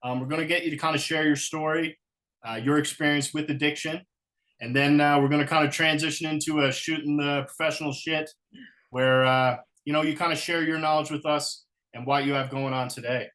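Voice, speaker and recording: Male podcast host, a touch high-pitched, relaxed and casual. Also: a little fast. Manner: easygoing, casual. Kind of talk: podcast hosting.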